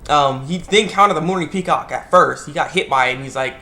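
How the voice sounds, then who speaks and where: Excitable man with a slightly high voice. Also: fairly quick. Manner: rambling and excitable, laughs often. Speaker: anime reviewer. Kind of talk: casual video review.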